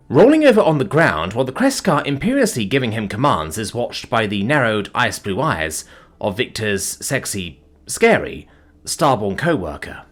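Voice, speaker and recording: Male narrator, low voice, bright, very lively reading. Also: moderate pace. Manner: expressive storytelling. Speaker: story narrator. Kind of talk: scripted narration.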